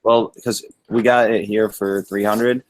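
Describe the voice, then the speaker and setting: Hoarse, low-voiced man on a call. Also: flat delivery, measured pace, rough recording. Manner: laid-back, rambling with many likes. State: hoarse from smoking. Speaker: guest on a video call. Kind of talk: casual chat. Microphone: video call.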